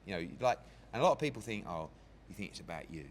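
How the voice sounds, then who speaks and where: A man who works as a boxing promoter, talking candidly in a casual interview, animated and swearing freely as he tells stories. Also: lowish voice, quick pace, a little hiss or hum. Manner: animated, heavy swearing, emotional storytelling.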